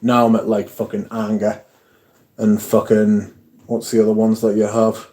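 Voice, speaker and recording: Mellow-voiced man chatting on a live stream. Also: on the low side, monotone, normal speed. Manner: chatty, swears casually, reads viewer comments aloud. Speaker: streamer reading chat. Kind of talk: casual live-stream chat.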